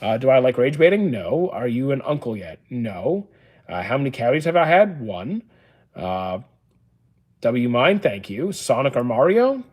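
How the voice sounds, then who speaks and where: Calm dry-voiced man in his thirties. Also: mid-range voice, a little slow. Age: 30s. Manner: calm, dry, matter-of-fact answers with frequent "uh". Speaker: livestream host. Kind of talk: casual livestream Q&A reading chat.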